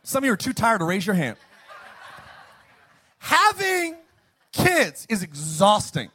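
A man preaching a sermon, animated, swinging from loud bursts to hushed lines and asking the congregation to answer back. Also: sits high, unhurried, breathy edge. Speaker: pastor.

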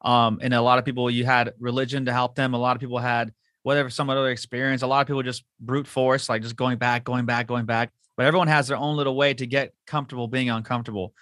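A man's voice: mid-range voice, level tone, fast talker, fairly bright tone, no echo, studio quality. A man hosting a podcast, talking casually and enthusiastically with his guest. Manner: casual, enthusiastic, loose phrasing. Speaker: podcast host. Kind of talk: podcast interview.

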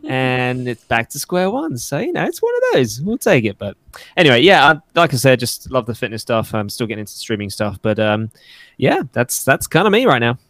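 An Englishman whose accent has softened after years in the US chats casually about his podcast and his fitness work, laughing often and acting out what other people say. His mid-range voice is very animated and fairly quick. There's no echo.

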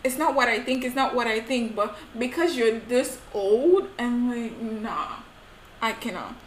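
A young woman in her twenties in casual conversation who gives expressive everyday examples and laughs easily. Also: on the high side, moderate pace. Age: 20s. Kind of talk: casual chat. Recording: echoey room with faint noise.

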